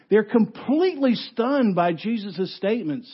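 A husky, fairly high-voiced man preaching a sermon, asking question after question and dropping from loud bursts to near-hushed asides. The recording is dull and lo-fi, like a church sound system captured on modest gear. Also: normal speed, few pauses. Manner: animated, rhetorical questions, swings from loud to hushed. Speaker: pastor.

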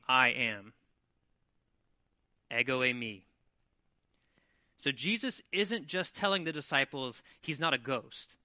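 Guy pastor preaching, bright voice, dry sound, kinda chatty and lively. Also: fairly high pitch, no room sound. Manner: conversational, animated when retelling scenes. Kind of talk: sermon. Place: church.

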